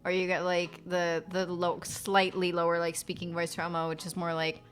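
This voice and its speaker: A woman's voice: on the low side, completely flat delivery, moderate pace, faint music behind. A woman streamer and voice actor chatting casually on a live stream from her apartment, rambling with fillers and swearing, her nose congested. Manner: rambling, frequent fillers and profanity.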